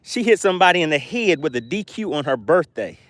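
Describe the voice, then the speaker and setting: An excitable man hosts a live fishing stream from a boat outdoors. He hypes every catch and reads chat messages aloud in a slightly high voice, picked up by a phone or camera mic. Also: fairly quick, no room sound. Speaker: fishing livestream host.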